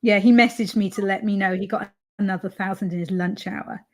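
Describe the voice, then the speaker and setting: A woman's voice: mid-range voice, steady tone, a little fast. A woman guest author joining a casual livestream chat, mostly giving brief, agreeable replies.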